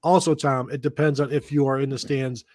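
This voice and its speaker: A man's voice: medium pitch, little pitch movement, fairly quick, a little mellow, no room sound, studio quality. A man co-hosting a sports podcast, talking casually with loose, rambling sentences. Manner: loose, rambling delivery with fillers. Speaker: podcast co-host.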